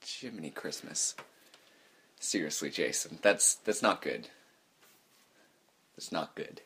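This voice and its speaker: A man's voice: extremely low pitch, animated, slow, bright, forceful tone, slight background noise. A young man co-hosting a podcast, chatting casually and teasing his friend in a laid-back way, recorded on a phone lying on a table. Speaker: podcast co-host. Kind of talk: casual chat.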